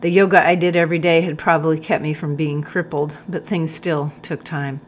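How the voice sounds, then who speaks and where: A woman narrating an audiobook in a calm, measured storytelling manner. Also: low-pitched, slight background noise.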